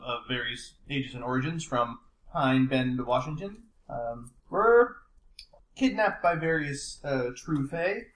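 Halting game master man, echoey room. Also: mid-range voice, a bit bright. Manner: halting, with many fillers and restarts. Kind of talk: recapping a tabletop game session.

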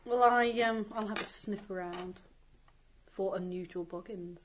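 A woman speaks slowly and unhurriedly as a player at a tabletop game. Her lines stretch out in a drawn-out way, with faint noise behind her. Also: medium pitch, low-quality recording. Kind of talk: casual game-table chat.

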